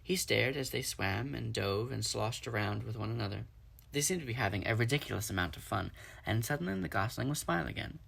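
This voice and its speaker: A man reading a children's storybook aloud in steady storytelling. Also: mid-range voice, fairly quick, gravelly, breathy edge. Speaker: reader.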